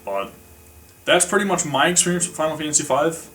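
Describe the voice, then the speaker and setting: A man's voice: fairly high pitch, expressive, fairly quick, a bit bright. A man giving a casual, rambling spoken review of an old game, with lots of fillers and restarts. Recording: slightly distant mic with faint music behind.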